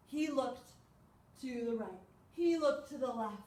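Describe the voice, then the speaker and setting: A woman's voice: high voice, unhurried. A woman leading a children's storytime, reading aloud with gasps and questions to her young listeners. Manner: animated, with gasps and questions to kids. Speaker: children's librarian. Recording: echoey room, far from mic.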